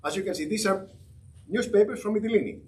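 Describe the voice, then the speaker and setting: A man's voice: high-pitched, brisk. A man gives a passionate history presentation in a church hall, telling it as a story with emphatic rises. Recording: distant mic with faint room noise.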